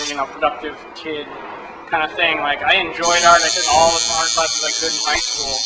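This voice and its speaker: A tattoo shop co-owner in his thirties tells rambling stories in a casual interview. His voice sits high for a man, and he swears freely and jokes around. Loud music plays the whole time behind him. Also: rough recording. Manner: joking, profane, acts out voices in stories.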